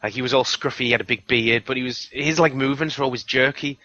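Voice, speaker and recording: A man's voice: mid-range voice, steady tone, fast talker, pushed and bright, no room sound, highs cut off. A man from the UK co-hosting a casual film review chat, talking in a chatty, hedging way with many fillers. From United Kingdom. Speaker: film review podcast co-host.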